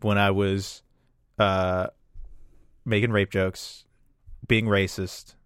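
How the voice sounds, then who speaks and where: A man's voice: low-pitched, little pitch movement, takes it slowly, a bit bright, clean tone, dry recording, clean studio sound. A man, a stand-up comedian, telling a story in a casual podcast chat. He rambles with lots of restarts and fillers and swears freely.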